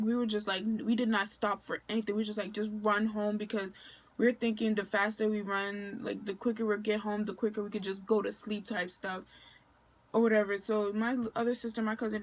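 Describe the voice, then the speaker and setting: Young adult woman, Maryland, casual storytime vlogger, chatty, slangy, filler-heavy. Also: medium pitch. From Maryland, USA.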